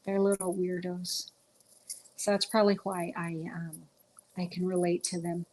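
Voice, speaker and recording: A woman's voice: on the low side, flat delivery, measured pace, darkish tone. A woman hosting a casual livestream from home, chatting to viewers about movies with a rambling manner and many ums. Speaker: livestream host. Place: at home with pets.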